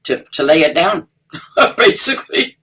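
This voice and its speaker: A woman's voice: low voice, big pitch swings, a little slow, a bit bright, a little hiss or hum. An older woman, a guest musician, chatting in an interview over a video call in a chatty, emphatic way with laughs. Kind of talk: casual interview chat.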